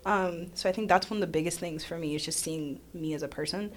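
A woman speaking as a guest in a casual conversation, animated and self-deprecating, often acting out what others said. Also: on the low side, fast. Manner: animated, self-deprecating, acts out quoted voices.

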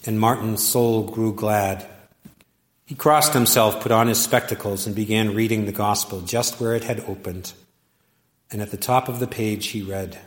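A male pastor delivering a storytelling sermon in a slow, measured way with emphatic pauses. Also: lowish voice, fairly even intonation. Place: church sanctuary. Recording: echoey church with long reverb.

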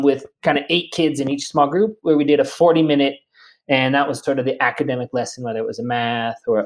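Relaxed, friendly man teacher as a guest. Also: fairly high pitch. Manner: relaxed and friendly, many fillers. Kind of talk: casual interview talk.

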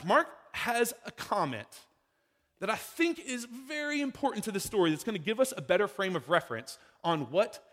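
A man delivers a sermon in a relaxed, talky way, pausing for questions to the congregation. His voice sits a little higher than most men's and swings up and down a lot. A long reverb from the hall trails after each phrase. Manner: conversational preaching, rhetorical questions to the congregation. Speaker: pastor.

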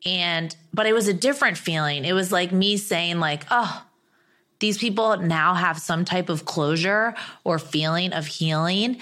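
Bright, low-pitched woman rambling excitedly. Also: normal speed, few pauses. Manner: excited, rambling storytelling full of fillers. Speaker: podcast guest. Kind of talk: casual chat.

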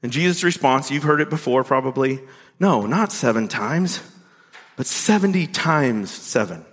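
A pastor preaching a sermon. He preaches with big swings in pitch. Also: expressive, moderate pace, a bit bright, breathy edge. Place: church sanctuary. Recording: long reverb of a church hall.

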